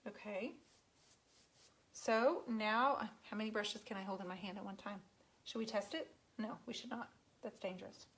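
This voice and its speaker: A woman's voice: medium pitch, normal speed, a bit bright. A woman painting furniture on a live stream from her home garage, chatting and teasing her viewers as she works. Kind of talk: casual live-stream chat.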